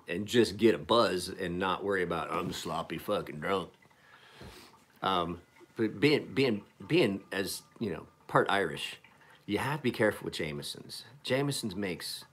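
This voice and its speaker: A man in his forties from Appalachian Pennsylvania sharpens knives on a live stream, chatting casually in a rambling, profane, joking way. His voice sits low, with a bit of brightness and a slight roughness.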